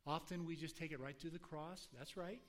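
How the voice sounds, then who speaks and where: A man's voice: fairly high pitch, brisk, fairly bright tone. Conversational man preaching a sermon. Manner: conversational teaching, acting out quotes. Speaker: pastor.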